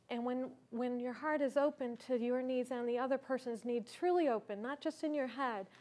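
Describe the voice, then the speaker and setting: Woman, high pitch, conference speaker, earnest, reflective storytelling. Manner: earnest, reflective, asks the audience questions. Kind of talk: personal storytelling talk. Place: conference stage.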